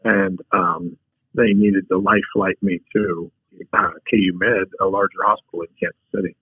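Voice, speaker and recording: A man's voice: sits low, little pitch movement, moderate pace, husky, no echo. A man telling a frank personal story as a podcast guest, a take-charge talker who often restarts his sentences. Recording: tinny phone-like line.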